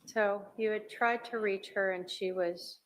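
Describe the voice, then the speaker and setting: A woman questioning a witness in a courtroom in a gentle, measured way. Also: mid-range voice, fairly even intonation. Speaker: trial attorney.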